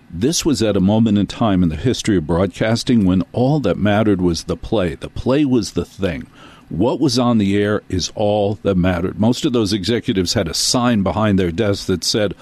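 A talk show host from New Jersey with a fairly low voice, telling a long story in a loose, rambling way. He breaks off for self-deprecating asides and comic tangents. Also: darkish tone, no echo. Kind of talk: storytelling monologue.

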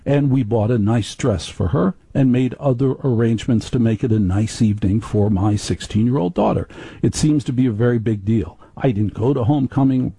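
Gravelly, dark-voiced radio talk host. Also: male voice, medium pitch, no room sound. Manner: chatty, confiding, rambling. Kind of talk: live radio talk show.

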